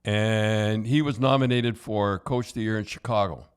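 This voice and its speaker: An older man, a podcast host and former coach, telling hockey stories in a rambling, halting way with chuckles. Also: fairly low pitch, steady tone, smooth. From Canada. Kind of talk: casual storytelling.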